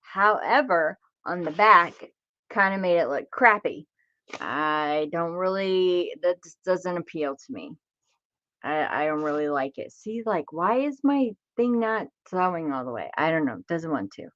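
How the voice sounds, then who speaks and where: A woman's voice: fairly low pitch, lively intonation, a little slow, a bit bright, no room sound, muffled recording. A woman chatting casually on a crafting livestream, talking to herself as she works and greeting viewers by name.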